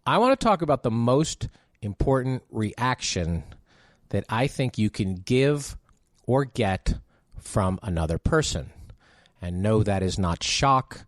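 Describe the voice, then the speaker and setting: A man's voice: lowish voice, a little slow, no echo. Chatty male podcast host, dry close sound. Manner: chatty, animated, jokey asides. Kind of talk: solo podcast monologue.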